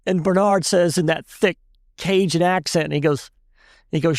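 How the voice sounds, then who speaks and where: A man, a chef and guest, telling an animated story in casual chat and laughing often. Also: a little high, normal speed, no echo, clean studio sound. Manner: animated, laughs often, tells stories with voices.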